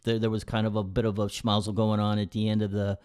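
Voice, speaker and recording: A man's voice: fairly low pitch, monotone, fast, a little mellow, clear, resonant tone. A middle-aged man co-hosting a casual podcast, prompting hockey stories and often agreeing with "yeah". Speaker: podcast co-host. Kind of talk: casual chat.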